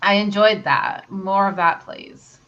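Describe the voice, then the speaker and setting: A woman chatting casually while she draws, self-deprecating and quick to laugh. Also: mid-range voice, fairly even intonation, fairly bright tone. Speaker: co-host of an art stream. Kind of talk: casual chat while drawing. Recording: dull lo-fi call audio, faint noise.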